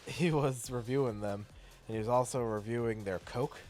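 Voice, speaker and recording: A man's voice: medium pitch, moderate pace, darkish tone, soft background music. A young man in a casual, crude chat, swearing freely and laughing often as he tells stories.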